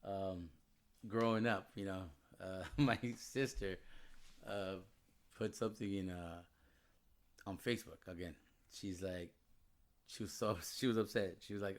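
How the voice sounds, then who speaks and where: A man's voice: sits low, steady tone, moderate pace. A man in a casual podcast chat, telling anecdotes with laughter and acting out quotes. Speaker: podcast co-host.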